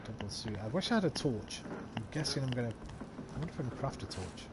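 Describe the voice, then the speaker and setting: A man's voice: medium pitch, expressive, fast talker, noisy background. A man chatting casually as he streams a video game, rambling with lots of ums. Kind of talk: casual live-stream commentary.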